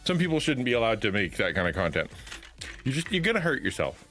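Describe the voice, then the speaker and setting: A man's voice: medium pitch, sing-song, fast, fairly bright tone, soft background music. A middle-aged man chatting casually on a live stream from his home setup, rambling with many restarts. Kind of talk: casual livestream chat.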